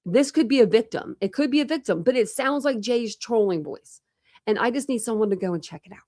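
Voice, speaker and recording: A woman's voice: fairly high pitch, expressive, a little fast, a little mellow, dry recording, clean studio sound. A woman hosting a casual true crime livestream, rambling chattily with lots of fillers and restarts.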